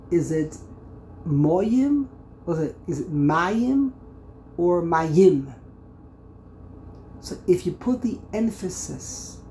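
A man teaching a Bible lesson on commentaries, thinking aloud, repeating words as he explains and sounding out syllables with loud stress. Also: high voice, gravelly, slight background noise, rough recording. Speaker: Torah teacher.

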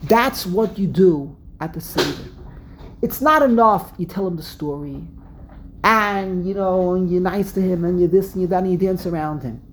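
A woman from Brooklyn with a Brooklyn accent, giving a religious lesson with an animated storyteller's habit of repeating and restarting phrases. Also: on the low side, normal speed, slight background noise, rough recording. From Brooklyn, USA. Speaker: religious teacher. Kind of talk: Passover lesson talk.

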